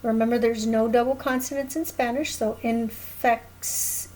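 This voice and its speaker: A woman's voice: fairly high pitch, steady tone, fairly quick, darkish tone, rough recording. A woman teaching a recorded lesson, explaining patiently at a whiteboard and often checking in with "okay?". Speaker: Spanish teacher.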